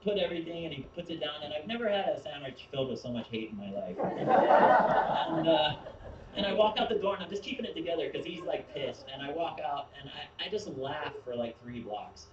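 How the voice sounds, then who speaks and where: A man's voice: a little high, animated, fairly quick, dull audio, heavy background noise. A man telling a rambling stand-up story who often laughs at his own jokes, recorded from a distance in an echoey room. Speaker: stand-up comedian. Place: comedy show venue.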